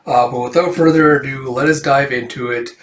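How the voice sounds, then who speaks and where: A man's voice: mid-range voice, fairly even intonation, a little fast, a bit bright. Rambling man reading a comic aloud. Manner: rambling, filler-heavy retelling. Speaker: comic reader. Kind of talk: casual comic read-aloud. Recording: roomy echo.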